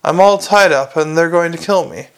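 A man's voice: fairly high pitch, moderate pace, clean tone, natural voice. A man reading aloud and voicing an anxious, bumbling middle-aged city watchman who pleads for help. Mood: pleading.

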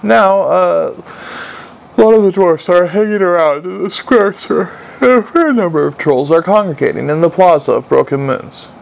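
A man's voice: high-pitched, expressive, normal speed, gravelly, voice pushed up, rough recording. A man doing an earnest young captain. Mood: dutiful. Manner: earnest, dutiful, polite. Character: earnest, polite young male watch captain.

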